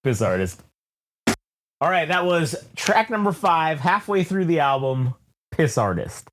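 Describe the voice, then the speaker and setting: A man co-hosting a loose album review chat, his pitch swinging widely as he rambles through a story. He swears constantly, laughs often, and jumps into loud, high, yelled quotes of himself. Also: sing-song, unhurried. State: sweaty. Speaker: podcast co-host reviewing an album. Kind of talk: casual chat, animated storytelling.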